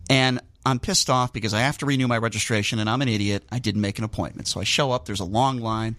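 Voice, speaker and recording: A man's voice: medium pitch, fairly even intonation, no room sound, clean studio sound. A male radio talk show host chatting casually, self-deprecating in manner. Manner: fast, self-deprecating, bright delivery. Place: radio studio.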